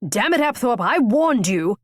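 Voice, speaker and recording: A woman's voice: fairly high pitch, big pitch swings, normal speed, dry recording, clean studio sound, pitched above the performer's own voice. A woman voicing an irritated, protective older brother, a duke who drawls and snaps curtly. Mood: gruff. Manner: drawling, curt.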